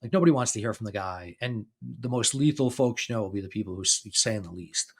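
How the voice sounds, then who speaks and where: A man's voice: fairly low pitch, animated, fast, breathy edge. A man in his fifties hosting a podcast, talking casually, laughing often and restarting his sentences as he tells stories. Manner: chatty storytelling, laughs often between phrases; restarts and repeats words. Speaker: podcast host. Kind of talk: casual conversation.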